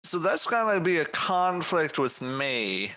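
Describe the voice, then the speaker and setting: Halting, wry man playing a tabletop game. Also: a little high, sing-song, sharp tone. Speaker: player.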